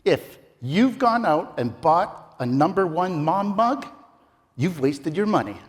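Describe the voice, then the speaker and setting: Taking it slowly, a middle-aged man with a fairly high voice and big swings in pitch tells a theatrical, comic story in a speech contest. The large ballroom gives the recording a reverberant quality.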